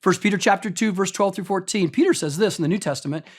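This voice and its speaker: A man's voice: sits high, quick pace. A male pastor preaching a sermon in a conversational, emphatic way, often putting direct questions to the congregation.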